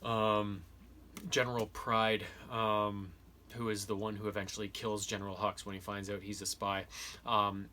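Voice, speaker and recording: A man with a fairly low but bright, forceful voice talks through a book review in a loose, rambling way. He piles on fillers and restarts his sentences often. A faint background noise sits under his voice. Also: flat delivery, normal speed. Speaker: video host reviewing books and games. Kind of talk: casual spoken review.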